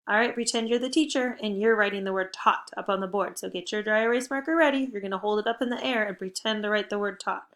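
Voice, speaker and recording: A woman teaching a spelling lesson to young children, speaking slowly and clearly, upbeat and encouraging. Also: medium pitch, fairly bright tone. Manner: slow, deliberate word-by-word modeling.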